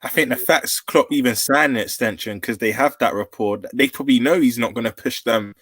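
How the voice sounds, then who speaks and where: A man's voice: mid-range voice, a little fast, fairly bright tone, husky, no room sound. A man on a football fan panel, speaking earnestly and chiming in to agree. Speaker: panel guest. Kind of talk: casual chat.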